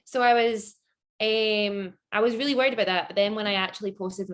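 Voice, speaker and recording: A Scottish woman with a medium-pitched, fairly even voice talks briskly as a guest in a casual interview. She's chatty, laughs often, and fills her speech with lots of "like."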